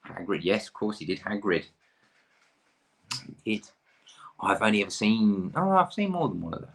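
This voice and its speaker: A man's voice: lowish voice, animated, normal speed, creaky, a bit bright. A man in his thirties from the UK, hosting a pub quiz with chatty, rambling, self-deprecating asides.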